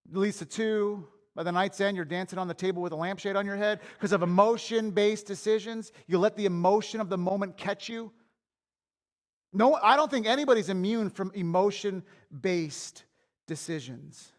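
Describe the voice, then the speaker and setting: High-pitched guy pastor preaching in church, chatty and candid, stumbles and repeats words when he gets going. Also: normal speed. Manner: candid, conversational preaching with anecdotes. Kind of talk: sermon.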